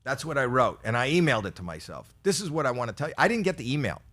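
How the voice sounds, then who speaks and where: A man in his sixties doing a stand-up set for an audience he cannot see. He spins long, self-mocking stories and keeps tripping into quick restarts before landing the punchline. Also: medium pitch, very animated, a bit bright. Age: 60s. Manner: rambling, self-deprecating storytelling with frequent stammered restarts. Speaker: stand-up comedian. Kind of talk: stand-up routine for a virtual audience.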